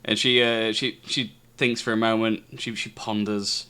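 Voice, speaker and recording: Stammering game master, bright voice. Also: male voice, on the low side, level tone, a little slow, hardly any pauses, smooth. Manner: stammering, chuckling, frequent restarts. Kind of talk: narrating a tabletop game.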